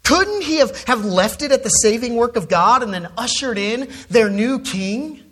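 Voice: medium pitch, lively intonation, normal speed, fairly bright tone. A preacher giving an expository sermon, stressing key words and often repeating words when restarting a phrase.

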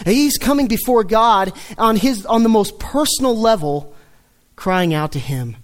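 Male preacher, light high voice, earnest sermon delivery. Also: expressive, a little slow. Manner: earnest, dips low and soft when quoting the psalm.

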